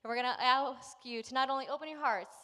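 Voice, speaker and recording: Upbeat, bright-voiced gala co-host woman. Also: high-pitched, quick pace. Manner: upbeat, teasing. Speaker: event co-host. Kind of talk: live fundraising emcee. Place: large event hall. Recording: reverberant hall from a distance.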